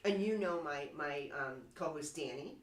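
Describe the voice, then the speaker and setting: A woman's voice: low-pitched, lively intonation, normal speed, echoey room, slight background noise. A woman from New York with a slight New York accent, hosting a casual talk show in a bubbly, chatty way. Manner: bubbly, chatty, laughs often.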